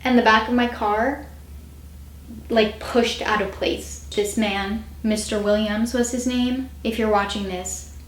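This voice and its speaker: A woman's voice: on the high side, fairly even intonation, unhurried, slight background noise. A woman in her twenties vlogging in a chatty, self-mocking way and swearing freely. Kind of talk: casual chat to camera. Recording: roomy echo.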